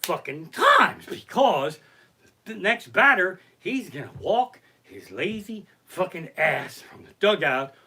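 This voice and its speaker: A man's voice: high voice, very animated, takes it slowly, sharp tone, breathy edge. A man doing a profane, exasperated comedy rant, streamed live from his living room.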